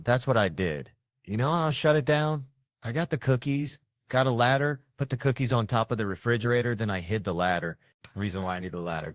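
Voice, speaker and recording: A man tells stories in a stand-up comedy routine, jumping into the voices of his family as he goes. His voice sits a little low. The sound is dry and close, with no room echo. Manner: animated storytelling, acting out family members.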